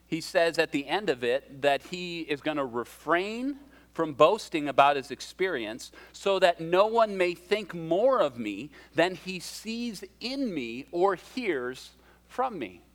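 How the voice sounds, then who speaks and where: A man's voice: a little high, very animated, slow. A man preaching a sermon as a pastor, in a conversational way with self-deprecating humor and shifting emphasis.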